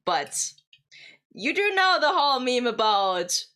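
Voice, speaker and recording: Giggly woman streamer, lively. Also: a little high, slow pace. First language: German. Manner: playful, giggly, teasing. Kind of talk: casual live-stream chat with viewers.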